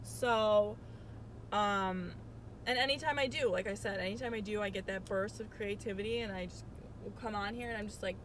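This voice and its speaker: A woman in her twenties talks frankly into a phone camera while sitting in her car. Her voice is mid-pitched, and she rambles, swears freely and sounds worn down. The passing traffic outside is clearly heard. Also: normal speed, fairly bright tone, poor audio. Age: 20s. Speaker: vlogger. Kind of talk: candid confessional vlog. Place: in a car, outdoors, by an urban street. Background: traffic noise.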